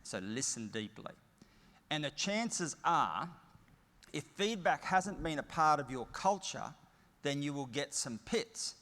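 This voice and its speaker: A man's voice: fairly high pitch, sing-song, slow pace, bright, forceful tone. Punchy Australian man in a reverberant hall. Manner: emphatic, storytelling with punchy short phrases. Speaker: keynote speaker. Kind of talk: motivational conference keynote. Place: large conference hall.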